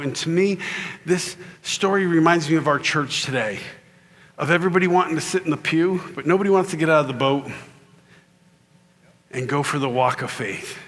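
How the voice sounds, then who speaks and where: A middle-aged man giving a humorous faith talk to a conference audience, acting out voices as he tells stories. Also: a little high. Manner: animated storyteller who acts out voices. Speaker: keynote speaker. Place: conference hall in Louisiana.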